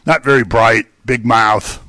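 A man's voice: mid-range voice, steady tone, unhurried, sharp tone, dry recording. Older man preaching in an easy chatty way. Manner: conversational, joking asides. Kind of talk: sermon.

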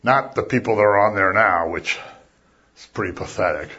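Male preacher, husky voice, casual and jokey, then bursts loud for emphasis; muffled lo-fi recording. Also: on the low side, normal speed. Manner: conversational, with jokey asides and sudden loud emphasis. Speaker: pastor. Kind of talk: sermon.

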